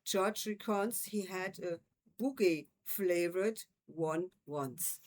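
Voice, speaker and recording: A chatty, wry schoolboy, spoken low and slow, as a woman reads him. The storybook voice stays close to the narrator's own. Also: a little mellow, slight background noise.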